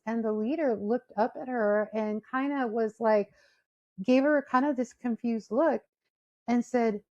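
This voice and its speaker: A woman gives a career talk over a video call, telling a workplace story and lively acting out the people in it. Her voice is mellow and warm, and the call audio sounds a little dull. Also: a little high, measured pace. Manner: storytelling, animated quoted voices. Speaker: speaker. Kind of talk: career talk to an online audience.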